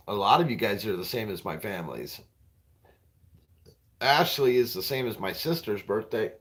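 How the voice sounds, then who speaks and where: Guy in his 40s doing crude jokes on a livestream, mid-pitched, rambly, laughs at his own stuff. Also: a bit bright. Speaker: livestream host. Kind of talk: crude stand-up style banter with viewers.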